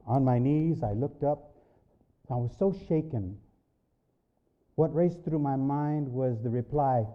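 A man giving a spoken religious testimony, slow and measured, his voice swinging up and down with emotion. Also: mid-range voice. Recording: dull lo-fi recording.

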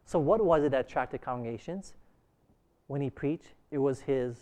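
A man's voice: mid-range voice, normal speed, a little mellow. A man leading an interactive Bible class who keeps quizzing his listeners and restarts his sentences often. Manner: asks the class questions, frequent restarts. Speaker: Bible study teacher.

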